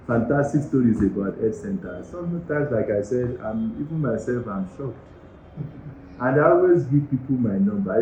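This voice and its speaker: A man's voice: medium pitch, dark tone, slight background noise. A middle-aged man with a Nigerian accent, a university medical director giving earnest, emphatic interview answers in an office. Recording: roomy, slightly dull recording.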